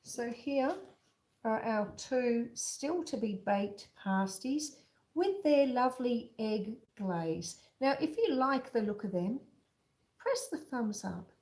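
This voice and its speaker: A woman homesteader hosting a cooking stream from her kitchen, talking in an unhurried, chatty way. Her voice sits a touch higher than most. The roomy kitchen gives it a clear echo. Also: animated, a little mellow. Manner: chatty and homely, talking viewers through each step. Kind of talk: casual live-stream chat while cooking. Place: home kitchen with a wood stove.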